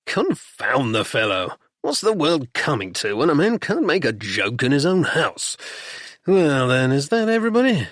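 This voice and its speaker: A man voicing a blustering, jocular middle-aged aristocratic duke in an audiobook, gruff and clipped. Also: mid-range voice, big pitch swings, normal speed, fairly bright tone, no room sound, studio quality.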